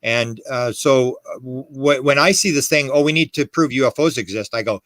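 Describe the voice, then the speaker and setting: A man's voice: mid-range voice, normal speed, fairly bright tone, no room sound. A man talking as a podcast guest, telling stories in an emphatic, rambling way with quoted dialogue and restarts. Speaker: podcast guest, UFO historian. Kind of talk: animated conversational storytelling.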